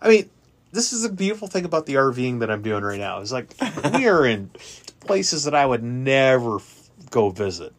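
A man originally from Chicago, with a Chicago accent worn down by years in Kansas City, chatting casually about his RV travels; he tells stories animatedly, repeats words, and jumps up in pitch for emphasis. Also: big pitch swings, normal speed. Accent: Chicago, softened by Kansas City. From Chicago area. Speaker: guest traveling by RV. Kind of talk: casual chat.

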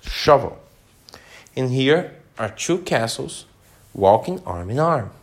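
A man's voice: medium pitch, big pitch swings, slow pace. A man reading a children's story aloud in a casual way, with slips and small asides.

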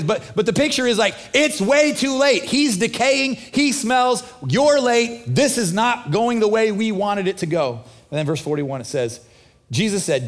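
Middle-aged male pastor, high voice, chatty sermon delivery with acted-out dialogue. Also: very animated, a little slow. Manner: casual, conversational preaching with acted-out dialogue.

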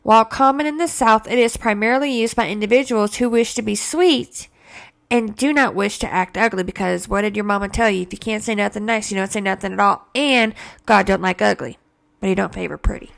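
A woman's voice: medium pitch, fairly quick, creaky. A woman hosting a casual solo podcast, profane and sarcastic, drawing out mocking quotes. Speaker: podcast host.

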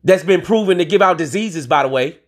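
Husky, profane podcast ranter, a man. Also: on the high side, animated, a little fast. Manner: emphatic and profane, swears freely; streetwise slang, addresses listeners directly. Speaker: podcast host. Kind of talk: solo podcast rant.

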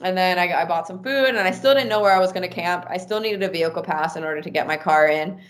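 A woman's voice: on the low side, fast talker. A woman telling a personal story in a casual podcast chat, with many "like" fillers. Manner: animated, talks with many "like" fillers.

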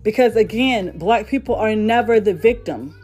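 A woman's voice: medium pitch, animated, moderate pace, darkish tone, husky, soft background music. A woman vlogger delivering a heated, profane monologue rant, repeating herself for emphasis.

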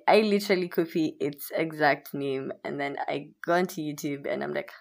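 A woman's voice: low-pitched, a little fast, creaky, hardly any pauses. A young woman hosting her own podcast, chatting candidly and rambling, with frequent swearing. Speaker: podcast host. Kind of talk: casual solo podcast chat.

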